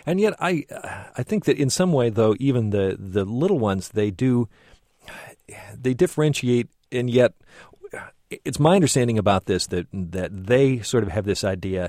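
A man's voice: mid-range voice, lively intonation, darkish tone, no room sound, clean studio sound. A man hosting a radio call-in show, speaking thoughtfully with many restarts. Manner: thoughtful, halting, rephrases himself.

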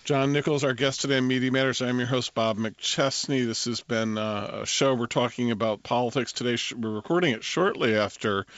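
A man hosting a public radio talk show, speaking in a relaxed and easygoing way. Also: medium pitch, fairly quick, few pauses, no room sound, muffled recording.

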